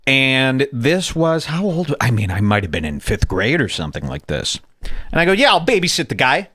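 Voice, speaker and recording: Animated man telling crude stories. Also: mid-range voice, normal speed, no room sound. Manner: crude, animated, does silly voices. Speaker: podcast host. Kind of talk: casual comedic storytelling.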